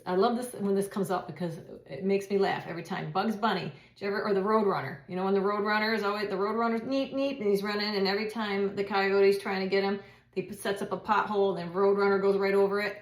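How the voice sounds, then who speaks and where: A woman's voice: medium pitch, fairly even intonation, fast talker, echoey room. A woman doing a casual tarot reading, chatty and repeating herself, with laughs and swearing. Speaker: tarot reader.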